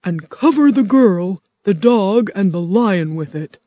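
A woman voicing a kindly scarecrow in a storybook reading, calm and reassuring. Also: mid-range voice, unhurried, no room sound. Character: calm, kindly scarecrow man stuffed with straw.

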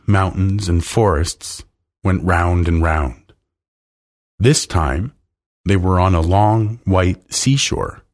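A man reading a children's story aloud slowly and expressively as storyteller. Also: sits low, a little mellow.

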